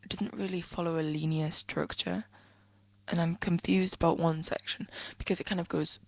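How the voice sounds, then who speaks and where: A teenage girl from England chatting casually in a vlog, rambling and giggling, often trailing off into soft whispery asides as she sits at home. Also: fairly low pitch, steady tone, normal speed, dry recording, low-quality recording. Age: teens. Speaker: vlogger answering a friend's questions. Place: indoors, at home, sitting on a desk.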